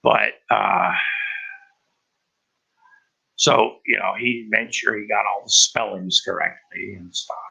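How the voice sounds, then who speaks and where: Gravelly, husky man rambling. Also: fairly low pitch, fairly even intonation, pushed and bright. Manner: halting, profane, many restarts. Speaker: vlogger. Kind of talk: rambling personal monologue. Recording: dull lo-fi recording.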